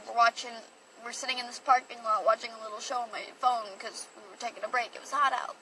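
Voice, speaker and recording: A young woman with a slightly high, bright, forceful voice tells a personal story on a phone livestream. She rambles, grows emotional, and says "like" over and over. The mic sits at a distance, with faint background noise.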